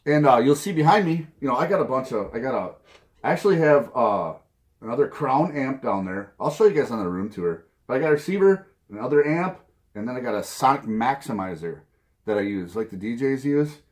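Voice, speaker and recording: Brisk and lively in intonation, this mid-range male voice belongs to a vinyl-collecting vlogger from Minnesota with a Minnesota accent. Filming in his home music room, he rambles casually, tossing in self-mocking asides and chuckling at them.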